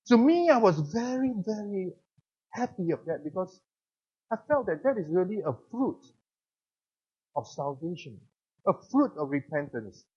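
A middle-aged man with a Singaporean English accent, preaching a sermon and telling a personal story with lively rhetorical questions. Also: sits high, slightly rough, muffled recording.

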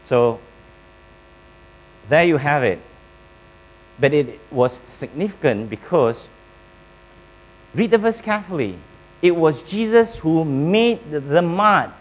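A man preaching a sermon, pausing between phrases and quizzing his congregation. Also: a little high, lively intonation, poor audio. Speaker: pastor.

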